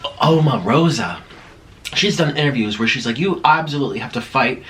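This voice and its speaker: A man's voice: medium pitch, animated, normal speed, a bit bright, a little hiss or hum. A man chatting casually while eating on camera, rambling and laughing at himself. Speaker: mukbang vlogger.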